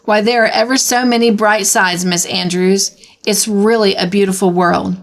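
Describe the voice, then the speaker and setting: An idealistic sixteen-year-old girl, as a woman storyteller reads her, eager and pleading, full of hope. The voice stays at a middle pitch, read in a plain storybook manner. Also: fairly even intonation, normal speed, close to an everyday voice. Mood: earnest. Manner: pleading, enthusiastic.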